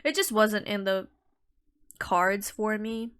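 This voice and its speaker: A woman's voice: mid-range voice, takes it slowly, a bit bright. A young adult woman co-hosting a podcast in casual chat, rambling with many restarts and a giggly manner. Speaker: podcast co-host.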